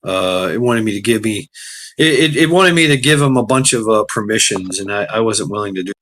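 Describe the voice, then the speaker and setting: A man's voice: on the low side, expressive, a little fast, a bit bright. A tired man hosting a casual livestream, rambling and swearing as he greets chatters by name. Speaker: livestream host.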